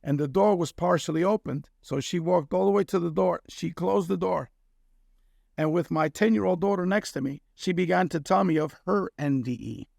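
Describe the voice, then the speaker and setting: A middle-aged man from Cuba with a gravelly, somewhat raised voice, telling a personal story as a guest. He speaks earnestly and keeps checking in with his listener with a quick "okay?". The sound is close and dry. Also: high-pitched, a little mellow, dry recording. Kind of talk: casual storytelling in conversation.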